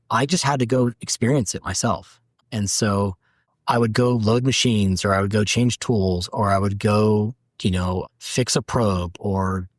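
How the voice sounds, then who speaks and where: A man's voice: on the low side, dry recording, clean studio sound. A man guest on an interview podcast, talking candidly and acting out quotes as he tells stories. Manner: candid storytelling, acts out quotes. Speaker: manufacturing director, guest. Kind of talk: casual interview talk.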